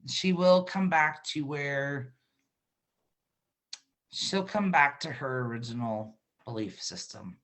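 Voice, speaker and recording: A woman's voice: rumbling low, slow, long pauses, a bit bright. A middle-aged woman giving an intuitive reading in a casual, reassuring way, with frequent laughs and fillers. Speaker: intuitive card reader. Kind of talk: spiritual reading, casual chat.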